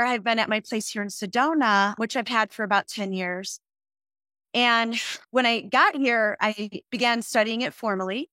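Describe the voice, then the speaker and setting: Middle-aged lady guest telling her story, earnest and animated, kinda high voice, dry sound, faint music. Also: normal speed, dry recording. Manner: earnest, growing excited and animated. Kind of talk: personal storytelling on a podcast.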